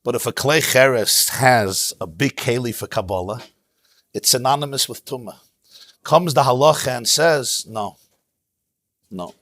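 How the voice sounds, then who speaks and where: A man teaching a Torah class as a rabbi, in an animated, emphatic way, sprinkling in Hebrew terms. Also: medium pitch, a little slow, pauses often, dry recording. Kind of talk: lively Torah lecture. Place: synagogue.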